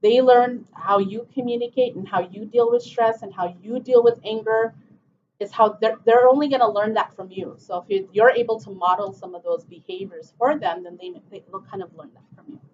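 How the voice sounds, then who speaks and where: A woman's voice: mid-range voice, steady tone, a little fast, darkish tone, a little hiss or hum. A middle-aged woman presenting a parent workshop, talking informally with many "okay"s and "um"s. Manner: conversational, repeats "okay" and "um", acts out parent and child quotes. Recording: dull lo-fi room recording.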